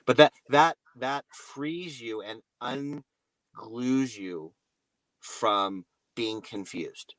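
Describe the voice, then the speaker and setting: A man working as a relationship coach, talking as an interview guest in a slow, gentle way and acting out example phrases. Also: mid-range voice, no echo, poor audio.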